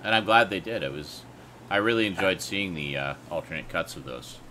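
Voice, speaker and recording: Deep, bright-toned enthusiastic man. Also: fairly quick, a little hiss or hum. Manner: thoughtful, animated, enthusiastic. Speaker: viewer and co-host. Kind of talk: casual livestream chat.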